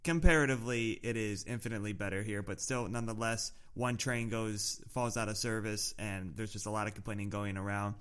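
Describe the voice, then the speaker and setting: A man's voice: lowish voice, steady tone, a little fast, hardly any pauses, a bit bright, smooth. A man from the States co-hosting a travel podcast, chatting casually and teasing his co-host, often restarting his sentences. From United States. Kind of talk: casual chat. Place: living in Germany.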